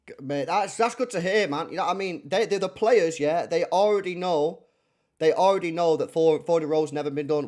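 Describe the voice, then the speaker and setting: A man hosting a football reaction stream, animated and slangy, repeating himself as he talks. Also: high voice, brisk. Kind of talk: excitable live reaction chat.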